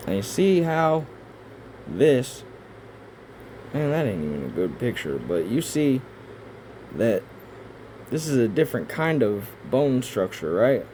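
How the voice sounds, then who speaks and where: A man rambling through pictures in casual commentary, swearing often and breaking into excitable outbursts between rambling asides. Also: medium pitch, slow, long pauses, a little hiss or hum. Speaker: video creator. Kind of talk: casual conspiracy commentary over images.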